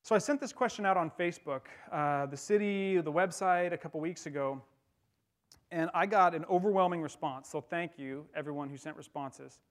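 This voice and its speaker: A man's voice: fairly high pitch, moderate pace. Man preaching a casual, wry sermon. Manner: conversational, wry humor while preaching. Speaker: pastor.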